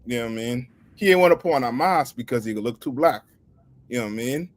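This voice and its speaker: A man's voice: medium pitch, lively intonation, fast. A man joking through a casual panel discussion, repeating "you know what I mean". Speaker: show panelist.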